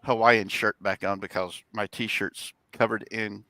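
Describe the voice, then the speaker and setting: A man's voice: fairly low pitch, little pitch movement, a little slow, sharp tone, no room sound. A middle-aged man telling rambling stories in casual chat on a home live stream, laughing often. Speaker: host, father.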